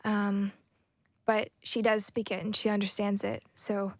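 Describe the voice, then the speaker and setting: Young woman, American accent, actress interview, thoughtful, hesitant, monotone, dry close mic. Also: medium pitch, a little slow, no room sound. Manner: soft-spoken, thoughtful, with many fillers and restarts. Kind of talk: casual interview chat.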